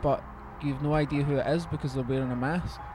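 A man co-hosting a podcast, chatty and sweary, quick to laugh in casual talk. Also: a little high, fairly even intonation, darkish tone, soft background music. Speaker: podcast co-host. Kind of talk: casual chat.

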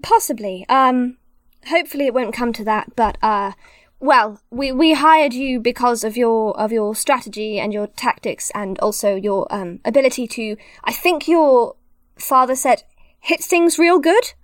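A woman's voice: a little high, expressive, a little slow, dry recording, studio quality. A woman narrating as game master of a tabletop game, rambling and hunting for words with lots of fillers. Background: music.

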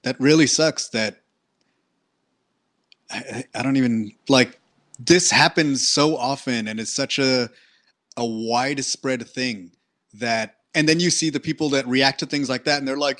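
A man's voice: mid-range voice, a little slow, fairly bright tone. Man from Texas, ranting casually. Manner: exasperated ranting, frequent restarts. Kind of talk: casual chat.

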